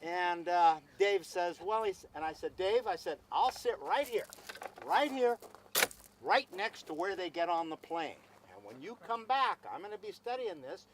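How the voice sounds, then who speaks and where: A man's voice: sits high, expressive, moderate pace, hardly any pauses, noisy background. A man telling a long anecdote at an outdoor gathering, acting out both sides of a conversation and repeating himself as he goes. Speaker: speaker at a celebration. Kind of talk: storytelling speech.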